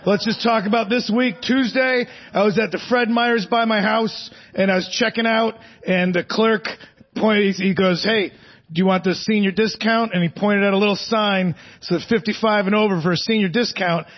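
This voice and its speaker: A man's voice: high-pitched, steady tone, normal speed, muffled recording. A man in his forties doing a live stand-up set on a theater stage, rambling and self-mocking, chuckling at his own jokes. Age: 40s. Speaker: stand-up comedian. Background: audience laughter.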